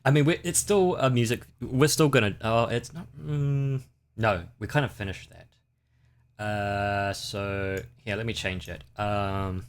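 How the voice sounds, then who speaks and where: Low-ish guy streaming, chatty and rambly, takes his time talking to chat. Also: fairly even intonation, slow pace, smooth. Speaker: livestream host. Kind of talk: casual livestream chat.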